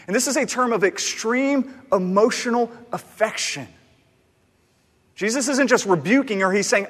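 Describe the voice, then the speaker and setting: A man's voice: high voice, normal speed. Male pastor preaching in a reverberant hall. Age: adult, married. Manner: conversational, animated, with frequent restarts. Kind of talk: sermon.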